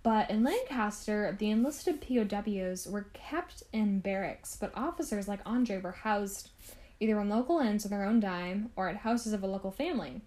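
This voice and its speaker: A woman's voice: mid-range voice, expressive, moderate pace, a little mellow. A woman hosting a podcast, telling a history story in a chatty, casual way with asides to the listener. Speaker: podcast host.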